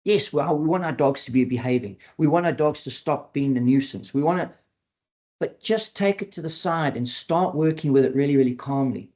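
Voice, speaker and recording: With a slightly high voice at a moderate pace, a man who trains dogs gives an earnest educational webinar talk. He repeats key points and acts out quoted lines in a lively voice.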